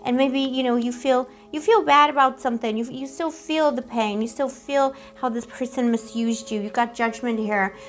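Playful tarot-reading woman, slightly high voice. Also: steady tone, moderate pace, hardly any pauses. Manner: playful, affectionate, rambling with pet names; giggly, self-teasing. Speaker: tarot reader. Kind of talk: casual tarot reading to camera.

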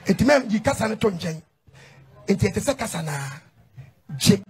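A man preaching emphatically in a sing-song cadence, often shouting as a reader answers him. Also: high voice, sing-song, moderate pace, husky, some chatter behind. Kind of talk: preaching with call-and-response.

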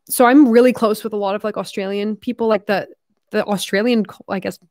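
Reading fan letters in a relaxed vlog, a giggly, talkative Canadian YouTuber in her twenties swears casually and lapses into a mock Australian accent. Her voice is medium-pitched, recorded at studio quality with no room sound.

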